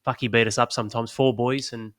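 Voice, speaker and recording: A man's voice: mid-range voice, flat delivery, brisk, no echo. A middle-aged man, a podcast co-host, speaking earnestly and reflectively in casual conversation. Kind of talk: casual chat.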